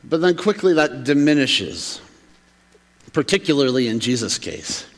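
Pastor preaching in an echoing hall. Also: male voice, mid-range voice, big pitch swings, unhurried. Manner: conversational, acts out townsfolk's reactions. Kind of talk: sermon. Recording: long reverb of a large hall.

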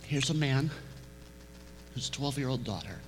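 A male pastor preaching a storytelling sermon, slowing down and dropping to a hush for emphasis. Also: medium pitch, lively intonation, noisy background. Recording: reverberant hall.

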